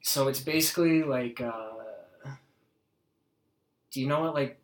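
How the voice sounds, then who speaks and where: A man hosting a casual podcast, talking bluntly with plenty of swearing and loose, rambling asides. His voice sits at an ordinary middle pitch. The room around him rings with echo. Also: slow pace. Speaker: podcast host. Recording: roomy, echoey room.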